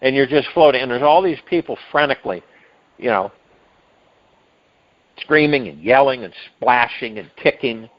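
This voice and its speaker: Brief: male meditation host, mid-pitched, rambling spiritual talk over a muffled lo-fi call line. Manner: rambling, with restarts and drawn-out emphasized words. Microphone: phone. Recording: dull lo-fi phone conference line.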